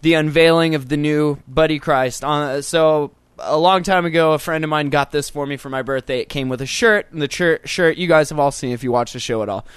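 A man's voice: on the high side, a little fast, few pauses, smooth, no room sound. A man co-hosting a casual podcast, joking and rambling with crude humor. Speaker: podcast co-host. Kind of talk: casual chat.

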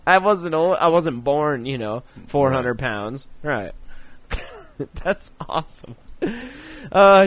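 A man's voice: on the high side, a bit bright, no room sound. Giggly, profane man hosting a chat show. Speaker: podcast host. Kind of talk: casual chat reading news aloud.

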